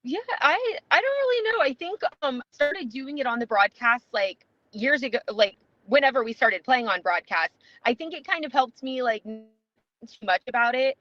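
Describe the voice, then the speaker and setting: A woman's voice: high voice, expressive, moderate pace, bright, forceful tone, no room sound, highs cut off. A woman guest on a podcast, talking casually in a rambling way with many fillers and restarts. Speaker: podcast guest, competitive player. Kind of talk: casual interview chat.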